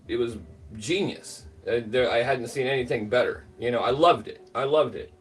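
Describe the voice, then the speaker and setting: Recorded from a distance, a middle-aged man with a medium-pitched voice hosts a livestream. He tells a rambling story packed with filler words and greets chat viewers by name.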